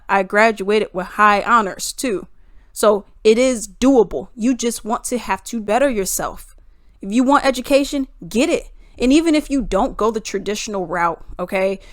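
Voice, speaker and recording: A woman's voice: mid-range voice, no echo, clean studio sound. A young adult woman vlogging an opinionated monologue, emphatic and full of rhetorical questions.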